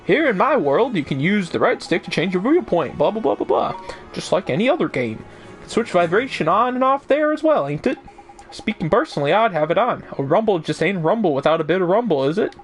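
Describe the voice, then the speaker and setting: A chatty little fairy man, as a streamer puts him on, in a hammy mock Irish accent that keeps drifting Australian. The voice sits fairly high and swings about playfully. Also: big pitch swings, fairly quick, soft background music. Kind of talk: reading game lines aloud on a stream.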